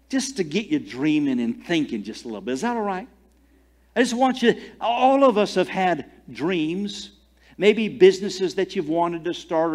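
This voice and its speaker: A pastor preaching a sermon in a storytelling way, rising to loud emphatic peaks and dropping to quiet asides. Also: male voice, a little high.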